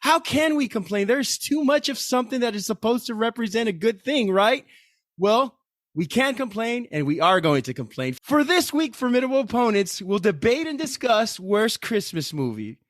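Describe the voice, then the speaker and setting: A man's voice: extremely high pitch, sing-song, moderate pace, a bit bright, no room sound, clean studio sound. A man in his thirties hosting a podcast, opening with a wry scripted intro and joking with guests. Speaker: podcast host. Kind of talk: scripted show intro, then casual chat.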